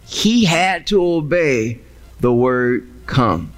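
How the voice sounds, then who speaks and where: A male pastor preaching a sermon with dramatic pauses. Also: medium pitch, lively intonation.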